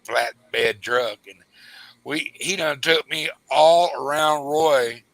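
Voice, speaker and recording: A man spins a rambling hunting tale, stumbling over restarts as he goes. His voice is bright and forward, recorded dry and close. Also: on the high side, slow pace, no room sound, low-quality recording. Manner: rambling storyteller with frequent restarts, acts out quoted voices. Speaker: host. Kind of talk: casual hunting story chat.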